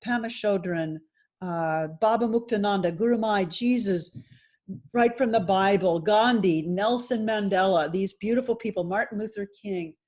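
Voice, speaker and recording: Animated middle-aged yoga teacher. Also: female voice, medium pitch, normal speed. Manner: lively, animated storytelling. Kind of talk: workshop talk with storytelling.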